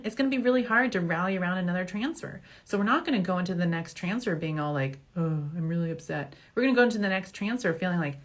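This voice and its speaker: A middle-aged woman fertility doctor answering viewer questions in a casual, joking way, laughing at her own slips. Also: mid-range voice. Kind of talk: casual Q&A show.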